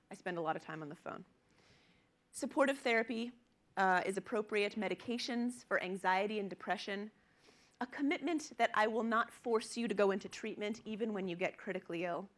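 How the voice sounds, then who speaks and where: A woman's voice: mid-range voice, fairly bright tone. Earnest woman doctor giving a lecture. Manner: earnest, emphatic, acts out quoted patients. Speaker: physician lecturer. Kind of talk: conference presentation.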